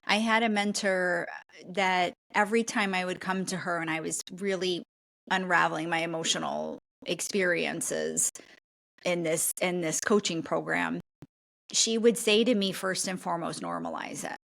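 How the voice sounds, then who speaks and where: A woman's voice: on the low side, fairly even intonation, normal speed, gravelly, fairly bright tone. A woman guest on a podcast, speaking earnestly and reflectively as an intuitive coach, often checking in with "right?". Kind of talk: conversational podcast interview.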